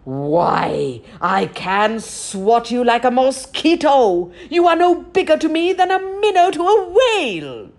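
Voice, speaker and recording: A woman storyteller voicing a huge, stubborn male giant who talks loudly and refuses to budge. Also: sing-song, slow, few pauses, full character voice. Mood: angry. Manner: loud, stubborn, booming complaints.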